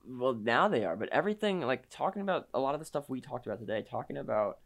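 A man's voice: medium pitch, sing-song, quick pace. A man co-hosting a casual podcast chat, with a dry, teasing, sarcastic manner. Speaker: podcast co-host.

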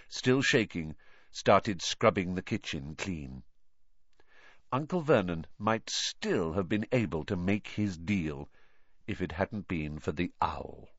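Brief: male storybook narrator, expressive and animated, dry dull lo-fi sound. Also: mid-range voice, dry recording. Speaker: audiobook reader.

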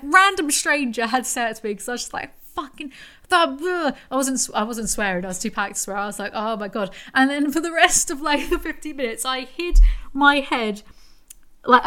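A young woman talks through her own stories in a loose, chatty podcast monologue. Her voice sits a little high and has a bright, forceful edge. She keeps cutting herself off mid-sentence and swears now and then. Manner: chatty storytelling, with swearing and self-interruptions. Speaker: podcast host. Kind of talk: casual solo monologue.

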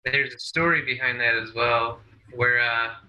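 Male co-host, monotone and bright, deadpan teasing jabs. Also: medium pitch, a little slow, muffled recording. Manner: teasing, dry interjections. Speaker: podcast co-host. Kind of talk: casual chat.

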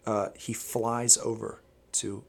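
Gravelly man teaching scripture casually. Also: fairly low pitch, slow pace. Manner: rambling, animated explainer who quotes Hebrew. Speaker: Bible teacher. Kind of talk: casual podcast conversation.

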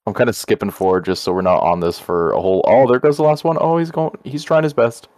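A man co-hosting a casual podcast chat, reacting excitably to what he is watching. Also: lowish voice, fast, no room sound, studio quality. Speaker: podcast co-host.

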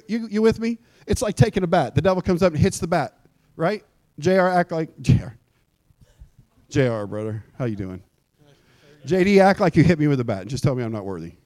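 Guy preaching, high voice, acts stuff out and yells sometimes, dry sound. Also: no echo. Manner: animated preaching, acts out scenes with shouting and mock voices. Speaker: pastor. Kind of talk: sermon. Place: church sanctuary.

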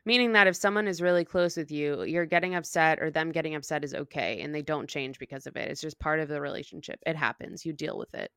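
A woman's voice: low-pitched, quick pace, few pauses, clear, resonant tone, no echo, studio quality. A woman co-hosting a book podcast, casually retelling scenes and acting out quoted lines. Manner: relaxed retelling, acts out quotes. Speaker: podcast co-host.

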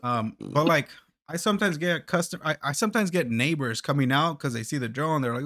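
A man's voice: fairly high pitch, fairly quick, a bit bright, dry recording, clean studio sound. A man telling a story in casual podcast chat, swearing a lot, stammering on repeated words and laughing. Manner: profane, laughing, many restarts and stammers.

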